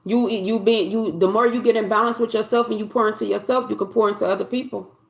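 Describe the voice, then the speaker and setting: A woman's voice: medium pitch, steady tone, quick pace, gravelly, echoey room. A woman giving a collective tarot reading in a loose, conversational way, often repeating and restarting her phrases. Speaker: tarot reader.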